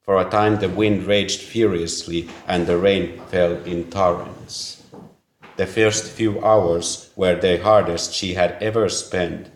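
Deep voiced guy reading a story, slow and earnest, echoey room. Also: fairly even intonation. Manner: measured, earnest reading with small slips. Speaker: narrator. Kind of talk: audiobook reading. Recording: roomy echo.

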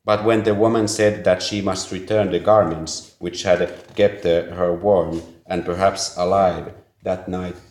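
A man narrating a story in a measured, earnest reading with a few small slips. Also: deep voice, fairly even intonation, a little mellow. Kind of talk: audiobook reading. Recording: roomy echo.

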